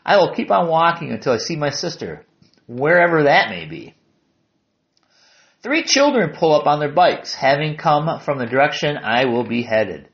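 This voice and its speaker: A man with a southern Lower Peninsula Michigan accent, narrating a hiking memoir in a calm, descriptive way. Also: moderate pace, highs cut off.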